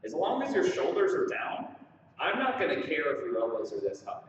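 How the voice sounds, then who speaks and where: A man's voice: mid-range voice, wildly swooping pitch, fairly quick, slight background noise. A man teaching waltz exercises, counting beats aloud as he dances and encouraging the viewers. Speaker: dance instructor. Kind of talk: follow-along dance drill instruction. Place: studio with large windows. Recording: echoey room, far from the mic, dull sound.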